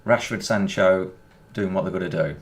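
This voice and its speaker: A man with a Birmingham accent talks casually over his gameplay, his voice sitting a little low. He rambles from one thought to the next and chuckles often as he goes. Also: normal speed. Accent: Birmingham English. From England. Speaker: gaming YouTuber.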